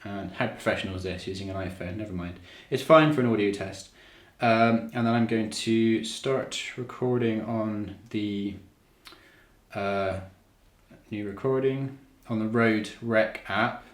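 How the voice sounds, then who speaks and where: A man's voice: fairly low pitch, measured pace. Man rambling through a gear test. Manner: rambling, self-deprecating, many fillers and restarts. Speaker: video maker testing microphones. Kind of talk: casual, unscripted equipment walkthrough. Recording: roomy, echoey indoor recording.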